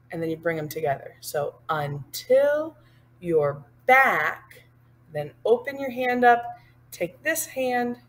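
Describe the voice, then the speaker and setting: Speaking in a husky, slightly bright voice on the low side, a woman walks learners through sign language sign by sign. She explains each movement slowly and patiently, then sings the line.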